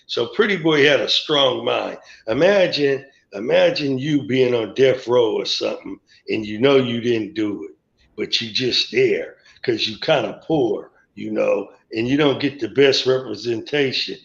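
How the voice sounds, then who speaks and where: Gravelly man telling a story. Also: medium pitch, measured pace. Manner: rambling, acts out quoted dialogue. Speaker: guest on a live stream. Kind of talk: storytelling memories. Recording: echoey, dull lo-fi stream audio.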